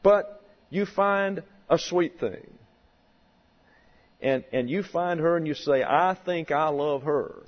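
A man preaching a sermon, teaching slowly and deliberately, with measured emphasis on key words. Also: a little high. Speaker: pastor. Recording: dull lo-fi sound in a long-reverb hall.

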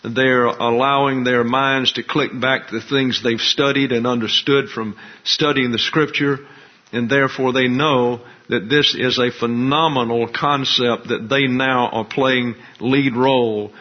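A male pastor delivering an expository sermon, explaining scripture and its grammar in a deliberate, teacherly way. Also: medium pitch, fairly even intonation. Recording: dull lo-fi recording.

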